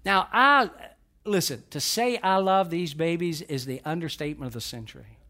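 A man's voice: on the high side, moderate pace, pushed and bright. An older man preaching a sermon in a folksy way, telling stories and asking the congregation questions. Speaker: pastor.

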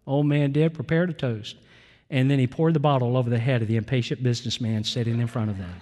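A male pastor delivering an earnest Wednesday night sermon in a church, slow and emphatic with pauses. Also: mid-range voice, a little mellow. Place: church sanctuary. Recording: reverberant church hall.

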